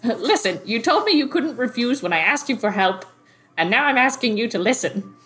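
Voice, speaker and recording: A woman narrating a tabletop game as game master, relaxed and often laughing. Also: a little high, normal speed. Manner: relaxed, giggly, many fillers.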